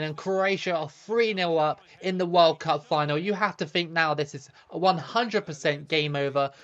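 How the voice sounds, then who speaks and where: A man's voice: a little high, a bit bright, highs cut off. A man narrating his own football video game match for viewers, eager and cheering his goals. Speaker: gaming video host. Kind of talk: excited play-by-play over gameplay.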